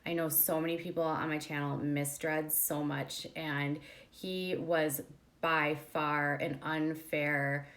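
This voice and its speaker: A woman's voice: low-pitched, steady tone, slow, fairly bright tone. A young adult woman hosting a commentary channel, telling a story in casual chat, with many fillers, acting out the quoted dialogue.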